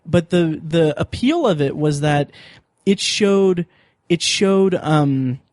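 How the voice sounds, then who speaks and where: A man with a slightly high voice hosts a podcast, rambling eagerly with lots of ums and self-corrections. The sound is close and dry, with no room in it. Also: takes it slowly, no room sound. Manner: rambling, excitable, many fillers and restarts. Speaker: podcast host. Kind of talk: casual chat.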